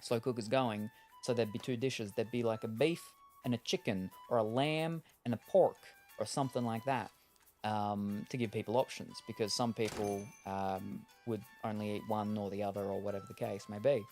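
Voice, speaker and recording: A man's voice: lowish voice, steady tone, moderate pace, a little mellow, soft background music. Rambling male streamer chatting. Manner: rambling, thinks aloud with many fillers. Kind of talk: casual chat while gaming.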